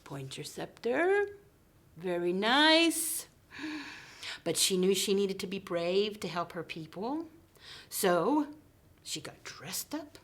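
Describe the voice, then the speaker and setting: A woman preschool teacher tells a story to small children in an unhurried, deliberate way. Her pitch swings widely and she often sinks into soft whispers for suspense. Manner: slow, expressive, dropping into soft whispers.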